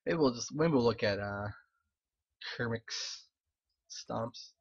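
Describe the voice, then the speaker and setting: A young man giving casual, animated live-stream commentary on game replays, swearing, laughing and throwing in quick asides. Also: medium pitch, breathy edge, highs cut off. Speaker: game caster reviewing replays.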